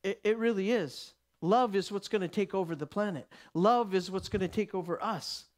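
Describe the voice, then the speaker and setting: Conversational preacher, rising and hushing. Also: male voice, high-pitched, normal speed. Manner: conversational and emphatic, drops to a hush, laughs. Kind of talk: sermon.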